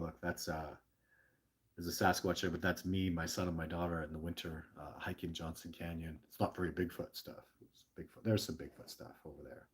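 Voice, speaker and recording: A middle-aged man with a low, husky voice chats casually on a livestream. He rambles with earnest passion, stammers and restarts his sentences, and reads viewer questions aloud. He sounds short on sleep. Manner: passionate and emotional. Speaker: livestream host.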